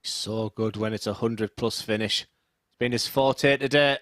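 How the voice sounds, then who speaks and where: A man's voice: lowish voice, fairly even intonation, unhurried, a bit bright, no room sound, studio quality. A man co-commentating on darts, chatty and joking as he trades opinions with his partner. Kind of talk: sports commentary banter.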